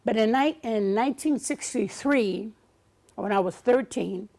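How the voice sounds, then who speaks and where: An older woman guest in an interview, telling stories in an animated way, acting out quotes and laughing often. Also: on the high side, measured pace, creaky. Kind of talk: storytelling interview.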